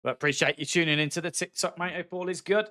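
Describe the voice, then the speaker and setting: A man's voice: fairly high pitch, fairly even intonation, fast talker, pushed and bright. A man from the West Midlands with a Black Country accent, chatting casually with viewers while streaming a game. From West Midlands, England. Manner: chatty, friendly, calls viewers mate. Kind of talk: casual live-stream chat while gaming.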